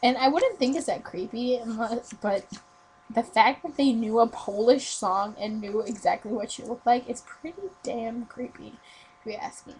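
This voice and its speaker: A woman's voice: a little high, normal speed, darkish tone, a little hiss or hum, rough recording. A teenage girl telling a ghost story in a casual webcam video reply, rambling with lots of fillers and self-corrections. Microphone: webcam mic.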